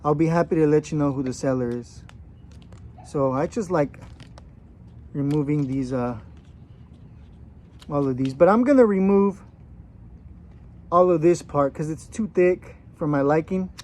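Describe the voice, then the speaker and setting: A man's voice: fairly high pitch, measured pace, long pauses, a little mellow, slight background noise. A man in his thirties, joking casually with a put-on Australian accent while giving a hands-on gardening how-to outdoors. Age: 30s. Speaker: gardening vlogger.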